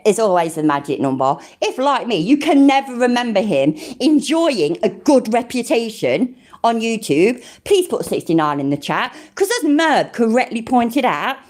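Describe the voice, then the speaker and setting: A woman's voice: a little high, very animated, normal speed, darkish tone. A middle-aged woman with a British accent hosting a casual livestream, sarcastic and sweary, laughing as she mocks a legal document she reads aloud. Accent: English (British). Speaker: livestream host reading a legal document to chat.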